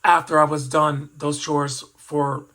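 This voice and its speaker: Bright-voiced man in his fifties reminiscing. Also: on the high side, little pitch movement, slow pace, rough recording. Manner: rambling, reflective, with frequent restarts and asides. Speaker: toy collector vlogger. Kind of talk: personal storytelling.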